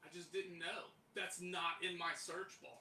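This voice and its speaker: A bright-voiced man co-hosting a comedy podcast, reading out listener posts in a loose, joking way. He sits a little back from the mic in an echoey room with faint hiss behind him. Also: high-pitched, level tone, a little slow, recorded from a distance. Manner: laid-back, swears casually, reads submissions aloud. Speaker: podcast co-host.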